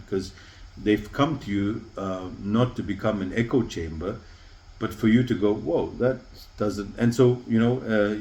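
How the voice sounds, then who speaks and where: A man's voice: lowish voice, darkish tone, rough recording. A man, a leadership coach, explaining ideas thoughtfully in an interview and acting out short example lines. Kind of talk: reflective interview conversation.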